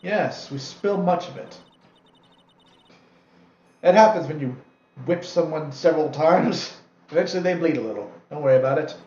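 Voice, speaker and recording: A man's voice: medium pitch, steady tone, normal speed, long pauses, mellow, reverberant, highs cut off, close to an everyday voice. A man voicing a haughty, formal older woman who speaks in a prim, old-fashioned way while reading a game's dialogue on stream. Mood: stern. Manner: prim, archaic, overly polite.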